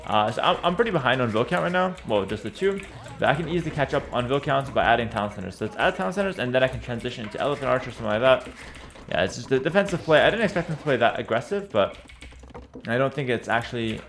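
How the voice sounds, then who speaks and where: A man casually commentating his own strategy game as he plays, relaxed and confident, often repeating and slurring his words. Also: medium pitch. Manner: stumbles, repeats and slurs words. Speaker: streamer playing a strategy game. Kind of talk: casual live gameplay commentary.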